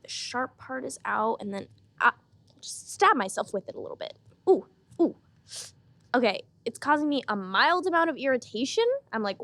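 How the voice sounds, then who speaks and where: Young woman, podcast host, mock-earnest deadpan humor, casual chat, dry close mic. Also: on the high side, no echo.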